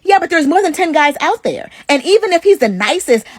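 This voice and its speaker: Woman giving a dry, measured opinion piece. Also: high-pitched, very animated, no room sound. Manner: measured, argumentative commentary. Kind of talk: opinion monologue.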